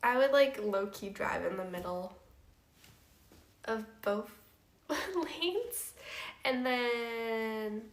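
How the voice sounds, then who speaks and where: A woman's voice: on the high side, animated, very slow, pauses often. A young woman streamer telling a story in casual chat, laughing often and using lots of fillers. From Canada. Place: house room. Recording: roomy echo.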